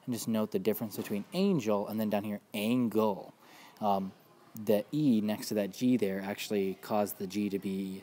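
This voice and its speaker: Relaxed man with a dark voice, teaching. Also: lowish voice. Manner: relaxed, informal, many fillers. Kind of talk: recorded spelling lesson.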